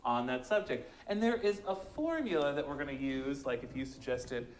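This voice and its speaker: A man from Oregon hosting a live improv comedy show, animated and jokey with the audience. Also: medium pitch, normal speed, reverberant, a little hiss or hum. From Oregon, USA. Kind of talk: live stage emceeing. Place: comedy theater stage.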